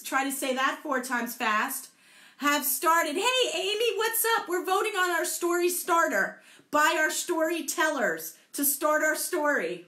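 A woman's voice: extremely high pitch, sharp tone, echoey room. A playful woman leading a live group storytelling session, encouraging her participants and joking about tongue twisters. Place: indoor room, also streamed to Facebook.

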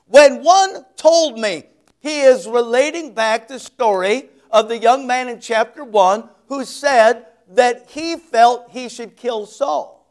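A male pastor preaching an expository sermon, reading scripture slowly with heavy emphasis and dropping folksy asides. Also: very high voice, lively intonation.

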